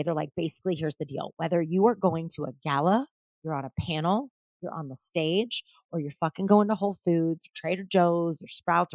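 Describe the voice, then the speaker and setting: A woman's voice: fairly low pitch, no echo, clean studio sound. Chatty, swearing woman podcast host. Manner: chatty and animated, many "like"s and swearing, acts out others' lines. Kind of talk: casual solo podcast monologue.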